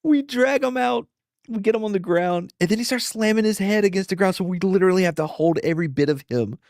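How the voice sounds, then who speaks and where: A man casually telling profane, animated stories and acting out the quotes, as a podcast host. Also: sits high, fast talker, no room sound, studio quality. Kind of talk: casual storytelling.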